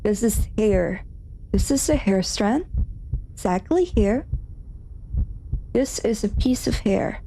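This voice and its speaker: Woman streamer hyped about a game, repeats stuff, kinda slow, faint hum behind. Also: medium pitch, gravelly. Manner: excited, repetitive, pointing things out. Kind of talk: game playthrough commentary.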